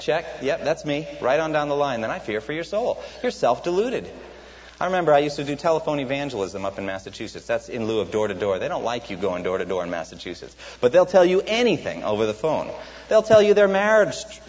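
Guy preaching in a big echoey church, muffled lo-fi sound, builds up loud then drops low. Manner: builds rising emphatic repetitions, asks the congregation questions. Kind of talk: sermon. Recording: dull, reverberant hall recording.

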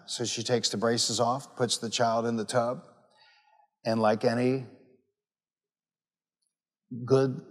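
Preacher man with a long hall echo. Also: mid-range voice. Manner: storytelling, repeats phrases for emphasis. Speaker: pastor. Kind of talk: sermon.

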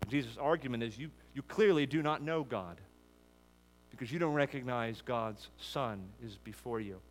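A man preaching an expository sermon, building emphatic lists that rise and then drop low. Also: moderate pace, slight background noise. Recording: long hall reverb.

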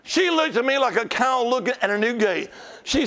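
A man preaching a sermon in a church, telling stories with shouts and call-outs to the congregation. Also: very high voice, lively intonation, normal speed.

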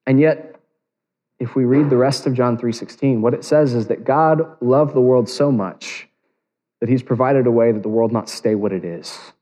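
A man's voice: mid-range voice, moderate pace, warm tone. A man preaching a sermon as pastor, earnest and building to emphatic peaks. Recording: long reverb of a large hall.

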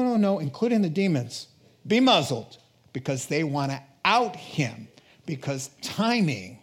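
A male pastor preaching a sermon in a lively way, joking with the congregation and laughing between points. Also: sits high. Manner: animated, jokes with congregation, laughs often.

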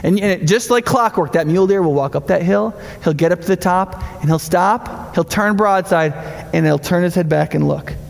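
A middle-aged man preaching a sermon with a gravelly edge to a voice that sits high for a man. He talks in an animated, conversational way and keeps asking his listeners questions. His voice rings out in a large hall with a long echo. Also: normal speed. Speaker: pastor.

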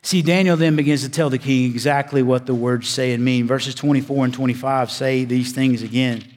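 A male pastor delivering a sermon, with dramatic pauses, swinging from loud emphasis to hushed, low delivery. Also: steady tone, long reverb tail.

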